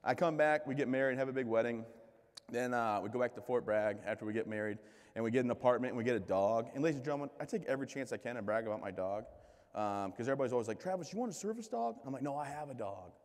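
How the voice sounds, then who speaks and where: A man in his thirties delivers a comic keynote on stage. He pokes fun at himself and slips into animated voices for the people in his stories. His voice has a middle pitch, and it rings with the long echo of a big hall. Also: racing. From United States. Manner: joking, self-deprecating, lively quoted voices. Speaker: keynote speaker. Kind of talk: comedic storytelling speech. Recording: reverberant hall.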